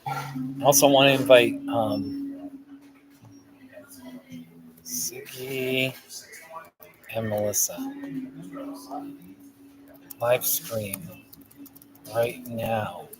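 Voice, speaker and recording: A man's voice: mid-range voice, steady tone, extremely slow, long pauses, low-quality recording. A man hosting a casual livestream from a cafe, rambling and answering viewer comments aloud. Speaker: livestream host. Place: Starbucks cafe, indoors. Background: cafe music.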